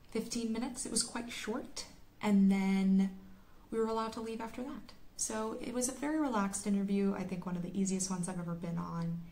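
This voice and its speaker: A woman's voice: on the low side, a little mellow, slight background noise. A woman in her twenties from the United States, a medical student vlogger giving a chatty, casual explanation to camera.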